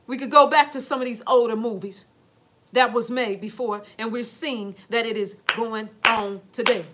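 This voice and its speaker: A woman holds forth from home, speaking straight to her audience in a loose, emphatic monologue. She swears freely and leans hard on her points, her voice sitting a little high for a woman. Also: fairly even intonation, normal speed, a bit bright. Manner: emphatic, swears freely, addresses viewers directly. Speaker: livestream talker reading viewer comments. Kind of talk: casual profane livestream monologue.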